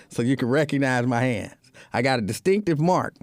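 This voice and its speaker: A man's voice: mid-range voice, animated, moderate pace, darkish tone, no echo. A man hosting a show, telling a comedic casual monologue with joking, repetitive asides. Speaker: show host.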